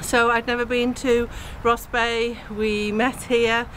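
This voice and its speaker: A woman and ghost walk guide telling a story to camera outdoors in a cemetery, relaxed with frequent ums. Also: a little high, takes it slowly, a little hiss or hum, poor audio.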